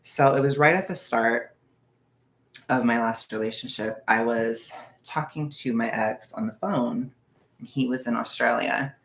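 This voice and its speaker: A nervous young man talks in a loose, rambling confessional, his voice gravelly with fry. He keeps circling his point and drops into hushed asides now and then. The room around him is echoey and hollow. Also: medium pitch, measured pace. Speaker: vlogger. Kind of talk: casual confessional chat.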